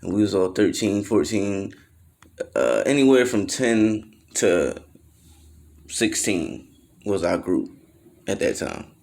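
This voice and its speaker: Man, lower voice, casual slangy storyteller who curses and rambles. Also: big pitch swings, takes it slowly, gravelly, pauses often, darkish tone. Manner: loose slangy storytelling, acts out quotes in raised voices; swears freely, trails off with fillers.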